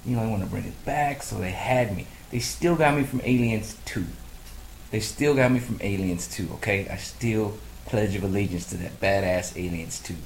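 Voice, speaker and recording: A man's voice: on the low side, normal speed, reverberant, a little hiss or hum, low-quality recording. A man casually ranting in a movie review, swearing freely and acting out his own reactions. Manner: profane, animated storytelling, mimics his own reactions. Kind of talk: casual rant.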